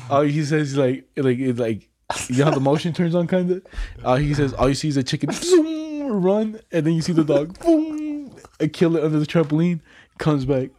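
A man's voice: on the high side, normal speed, pauses often, dark tone. A young man telling stories in a casual, slangy chat and laughing often.

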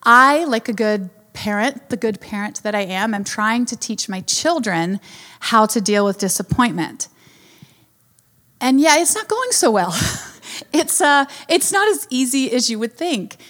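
Woman telling a lively family story. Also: a little high, unhurried. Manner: warm storyteller, laughs often, acts out her son's lines. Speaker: speaker giving a devotional talk. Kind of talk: storytelling sermon.

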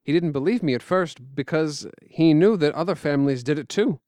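A man telling a story in quiet, measured, scripted narration. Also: a little high, dry recording, studio quality.

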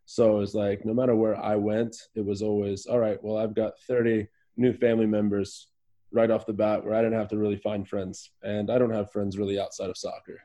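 A man from Virginia chats as a podcast guest, his voice on the lower side and warm, mellow in tone. He talks in an easygoing, rambling way, filling pauses with ums and uhs. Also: level tone. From Virginia, USA. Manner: easygoing, rambling, many fillers. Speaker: podcast guest, professional soccer player. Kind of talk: casual interview chat.

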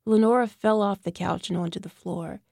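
Gravelly woman narrating a novel. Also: mid-range voice, fairly even intonation, normal speed, darkish tone, no echo, clean studio sound. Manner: tense, bitter inner monologue. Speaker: audiobook narrator. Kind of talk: scripted first-person narration.

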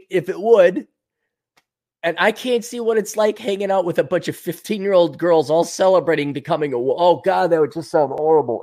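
A man's voice: sits high, a little mellow. Sarcastic man ranting on a podcast. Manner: sarcastic, combative and profane; mocking, laughs at his own jokes. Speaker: podcast host. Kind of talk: ranting news commentary.

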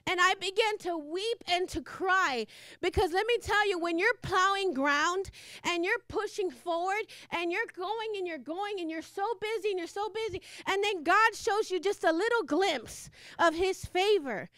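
Woman preacher going hard on a sermon, super high voice, dry sound, keeps repeating herself. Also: unhurried, a bit bright, dry recording. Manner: fervent, repetitive, laughs between phrases.

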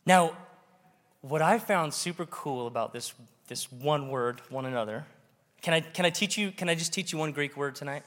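A man preaching a sermon to a congregation, animated and joking with the audience. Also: on the high side, normal speed. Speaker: pastor. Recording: long reverb of a large hall.

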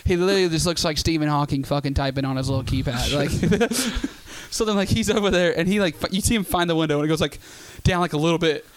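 A man's voice: a little high, quick pace, few pauses, crowd noise. A young man telling a story in casual chat, swearing freely and acting out quotes.

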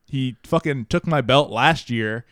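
A man's voice: medium pitch, measured pace, fairly bright tone, no echo, studio quality. A man hosting a podcast, telling stories in a rambling way, full of "like" and casual swearing.

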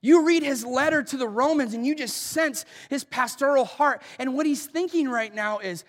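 A man's voice: very high-pitched, moderate pace. A man preaching a sermon as a pastor, in a conversational storytelling way. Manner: conversational, storytelling with acted quotes. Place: church auditorium. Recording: long hall reverb.

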